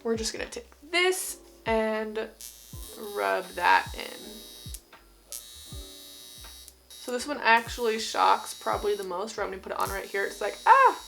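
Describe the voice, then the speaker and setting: A woman's voice: medium pitch, measured pace, vocal fry, long pauses, a bit bright. A young woman from Utah with a slight Utah accent, chatting through an at-home skincare routine in a bubbly, rambling way. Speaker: beauty vlogger. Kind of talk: casual skincare tutorial. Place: home, indoors.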